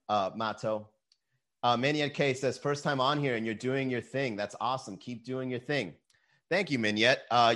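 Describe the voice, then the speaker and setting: Profane animated comedian hosting a livestream. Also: male voice, medium pitch. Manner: animated, swears often, reads chat aloud. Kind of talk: profane casual livestream chat.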